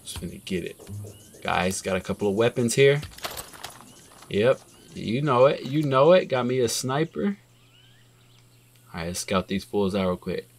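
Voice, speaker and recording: Excitable man narrating his gameplay. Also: lowish voice, unhurried, long pauses, slight background noise. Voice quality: excitable, jokey, lively swings. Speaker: gaming streamer. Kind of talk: gameplay commentary. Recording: loud game music under voice.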